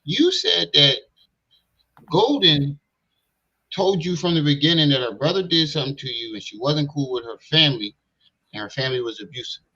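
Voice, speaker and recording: A man's voice: on the high side, lively intonation, moderate pace, pushed and bright, breathy edge, lo-fi sound. A man hosting a casual reaction stream, bluntly questioning the clip he plays. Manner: blunt, skeptical, talks back at the clip. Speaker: livestream commentator.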